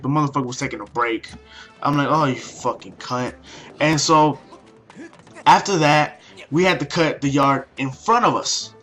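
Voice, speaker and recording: Give me a foul-mouthed young man ranting a story, bright voice, faint music behind. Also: on the high side. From Mexican heritage. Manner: profane, rambling, many restarts and fillers. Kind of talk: casual rant-style story.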